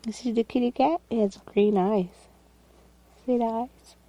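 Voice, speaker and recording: A woman's voice: a little high, steady tone, a little slow, dark tone. A mother speaking in gasping, giggly baby talk while playing with toys with her child. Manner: sing-song, gasping, giggly.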